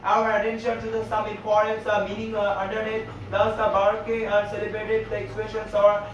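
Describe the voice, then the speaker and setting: A man teaching a class on figures of speech, speaking haltingly with many fillers and repeated phrases. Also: high-pitched, monotone, background noise. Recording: echoey room, distant lo-fi mic.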